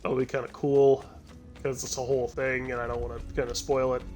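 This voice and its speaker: A man in an ordinary mid-pitched voice talks through his gameplay in loose, rambling chat. He laughs easily and often breaks off mid-sentence to start over. Faint game music plays behind him. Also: flat delivery, fairly quick, a little mellow. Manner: chatty, laughs easily, trails off and restarts. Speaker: streamer playing a game.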